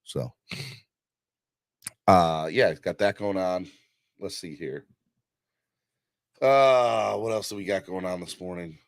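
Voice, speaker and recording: Low-voiced hyped man hosting a livestream. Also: takes it slowly, vocal fry, pauses often, no room sound, studio quality. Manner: hyped, pushes viewers for likes and donations; rambling with many fillers. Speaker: livestream host. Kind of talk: casual live-stream sports chat.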